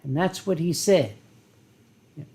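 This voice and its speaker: A man in his fifties holds forth on his live stream, wine at hand, drawling slowly and in no hurry at all. He rambles and swears freely, pausing for effect, then swings from booming outbursts to hushed asides. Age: 50s. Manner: slow, rambling and profane with dramatic pauses. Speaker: live-stream host answering chat. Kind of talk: casual live-stream chat while drinking wine.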